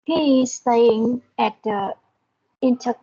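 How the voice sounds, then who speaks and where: A woman's voice: fairly high pitch, slow pace, warm tone, slightly rough, muffled recording. A woman with a Vietnamese accent, a student in an English lesson, reading her answers aloud hesitantly and carefully repeating words after her teacher.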